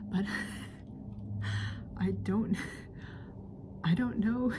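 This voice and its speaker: A woman's voice: medium pitch, moderate pace, noisy background. A woman whispering in a friendly role-play, giggling and rambling through casual chat as a friend hosting a visit.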